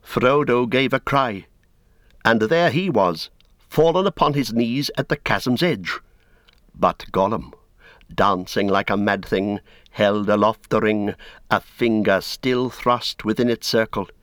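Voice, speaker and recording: A man narrates an epic story slowly and gravely, his lowish voice unhurried and deliberate. His reading rises with drama at the tense turns. The sound is close and completely dry, with no room around it. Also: fairly bright tone, no room sound. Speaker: audiobook narrator.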